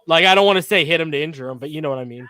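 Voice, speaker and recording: Brief: slangy, pumped-up male stream host, slightly high voice, dry close sound. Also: rapid-fire, clean tone, no room sound. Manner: excited, loose and slangy, shouting out viewers. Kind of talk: casual live football chat.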